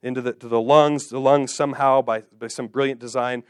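A man's voice: mid-range voice, fairly even intonation, clean tone, no echo, clean studio sound. Man preaching an emphatic sermon. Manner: emphatic, repeats key phrases slowly; addresses listeners directly with questions. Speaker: pastor. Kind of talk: expository sermon.

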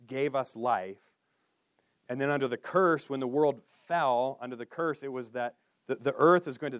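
A man preaching a sermon in an earnest way, dropping to a hushed voice on solemn lines and lifting for emphasis. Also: no echo. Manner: earnest, with drops to a hushed low voice and lifts for emphasis. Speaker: pastor.

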